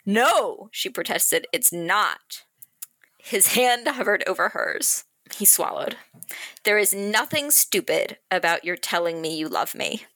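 A woman co-hosting a book podcast, chatting excitedly and reading a romance passage aloud. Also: mid-range voice, takes it slowly, dry recording. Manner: excitable, laughs easily. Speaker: podcast co-host.

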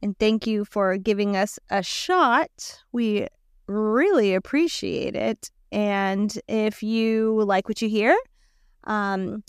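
Giggly woman, smooth dry voice. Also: medium pitch, slow, no room sound. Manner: chatty, giggly, many fillers. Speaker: podcast co-host. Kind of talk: casual podcast chat.

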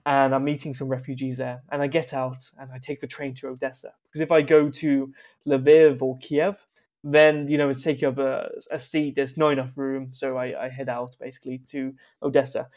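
A man's voice: mid-range voice, flat delivery, normal speed, a little mellow. Young man telling wry stories. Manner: rambling, offhand, wry. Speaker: podcast guest. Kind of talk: casual anecdotal storytelling.

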